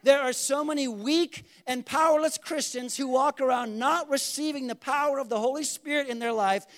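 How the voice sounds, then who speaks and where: A man's voice: very high voice, normal speed. A man preaching a conversational sermon, acting out little quoted exchanges and asking the congregation to respond. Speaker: pastor.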